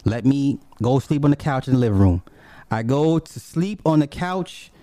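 A man telling a personal story in a casual, profane, animated way, swinging from low mutters to high exclamations. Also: moderate pace, no room sound.

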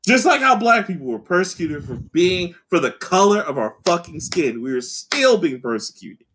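A man with a husky, fairly high voice hosts a casual podcast chat. His pitch swings widely as he argues his points with passion and plenty of cursing, sometimes breaking into a shout. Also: very animated, moderate pace. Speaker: podcast host.

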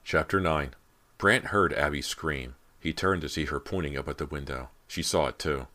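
A man's voice: extremely low pitch, normal speed, pushed and bright. A man narrating a horror audiobook with dramatic storytelling.

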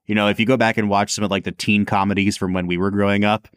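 A man's voice: on the low side, little pitch movement, fast talker, clear, resonant tone, no echo, clean studio sound. A man co-hosting a podcast, chatting casually about films with lots of fillers. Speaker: podcast co-host.

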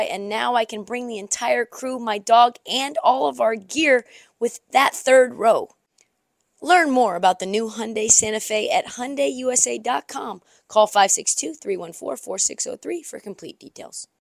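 A woman reading an upbeat car commercial in a bright, salesy way. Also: on the high side, normal speed, creaky, dry recording. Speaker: ad reader.

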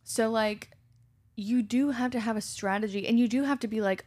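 A woman's voice: on the high side, normal speed, a little mellow. A young woman co-hosting a podcast, chatting casually and thoughtfully, filling her sentences with "like". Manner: talkative, peppered with "like", reflective. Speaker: podcast co-host. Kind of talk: casual chat.

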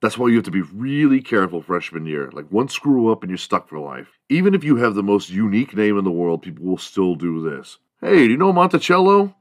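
A man's voice: big pitch swings, a little fast, hardly any pauses, no echo, clean studio sound. A man hosting a solo morning podcast, riffing in a rambling, profane, comedic monologue and laughing at his own jokes. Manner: mimics other people in high squeaky voices. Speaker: podcast host.

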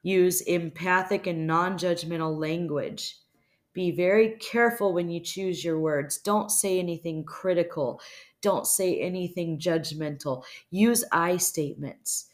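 A woman hosting an advice show, speaking bluntly and calmly, with casual swearing, as she answers a listener's question. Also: fairly low pitch, unhurried. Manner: calm, steady, instructive. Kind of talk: advice monologue.

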